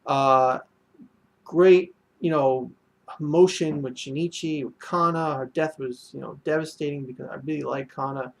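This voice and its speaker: A man's voice: on the high side, steady tone, moderate pace, gravelly, a little hiss or hum. A man casually reviewing an anime episode, rambling with many fillers and restarts.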